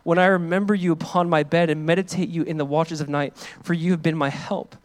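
A male pastor giving a sermon. He talks casually to the congregation and reads scripture aloud with loud, rising emphasis. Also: a little high, fairly even intonation, a little fast. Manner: calls on the congregation to join in.

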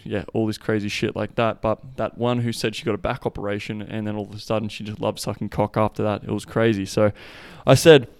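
A man hosts a podcast as a casual monologue, rambling through crude, profane stories while slightly breathless from walking. His fairly low, creaky voice is clear and resonant, delivered flatly and briskly with few pauses, in a dry recording.

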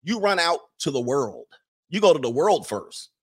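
A man's voice: on the high side, sing-song, moderate pace, a little hiss or hum. A man giving casual, chatty commentary over film clips, repeating himself and dropping into character voices. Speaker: video commentator.

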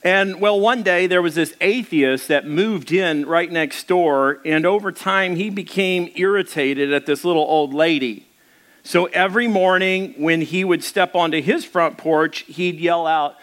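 Chatty pastor, slightly high voice. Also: male voice, unhurried, fairly bright tone. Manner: casual storytelling with many fillers. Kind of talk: sermon. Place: church.

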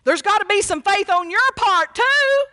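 A woman preaches in a high, bright voice. She speaks fervently and folksily, often calling out praise, and at times rises to a near shout. The sound is dry and close. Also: animated, normal speed, dry recording. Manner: rises to shouting when quoting cries for mercy. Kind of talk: sermon.

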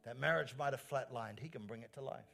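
A man's voice: mid-range voice, fast talker, creaky, fairly bright tone, soft background music. A male pastor delivering an earnest sermon in a church, stressing lines by repeating them. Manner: earnest preaching with rising emphatic phrases and repeated lines.

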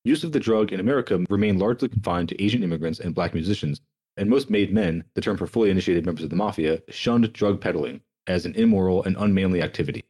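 Fast-talking husky young man reading notes. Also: low-pitched, a little mellow. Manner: quick, sardonic, swears in asides. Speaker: podcast host. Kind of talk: reading history notes aloud with casual asides.

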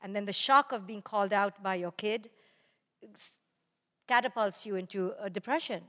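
A middle-aged woman, a parenting guest in an interview, telling lively stories about her family and laughing often. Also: medium pitch, moderate pace, in a large hall. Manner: animated storytelling, laughs often, acts out family dialogue. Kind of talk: conversational interview.

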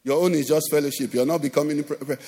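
A man with a Nigerian accent preaching a sermon as pastor, animated, acting out quoted voices and often asking "do you understand?". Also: a little high, fast, a little hiss or hum. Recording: long hall reverb.

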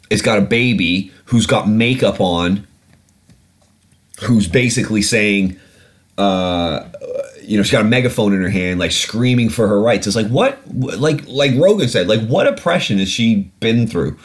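A man hosting a podcast, ranting animatedly and swearing freely in casual talk. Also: fairly low pitch. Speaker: podcast host.

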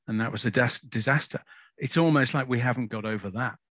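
A man's voice: medium pitch, fairly quick, a bit bright, dry recording. A man chatting as a podcast guest, hesitant and self-aware, often restarting his sentences. The sound is dry and close to the mic. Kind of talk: casual chat.

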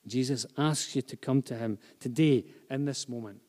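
A man preaching a sermon to a congregation, swinging from hushed, intimate phrases to loud, repeated emphasis. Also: mid-range voice, normal speed. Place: church hall with a live and online congregation. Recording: long reverb of a large hall.

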